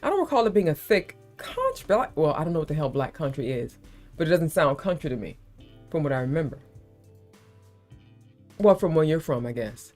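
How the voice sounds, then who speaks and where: A woman's voice: low-pitched, big pitch swings, a little fast, pauses often, a little mellow, faint music behind. Chatty American woman hosting a stream. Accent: neutral American. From South Florida, USA. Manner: chatty, laughing, calls people baby. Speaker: livestream host. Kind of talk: casual live-stream chat.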